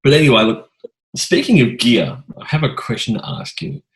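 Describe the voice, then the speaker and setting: A man hosting a podcast, telling a rambling, animated anecdote in casual chat. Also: medium pitch, normal speed, gravelly, slight background noise, rough recording. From Australia. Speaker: podcast host.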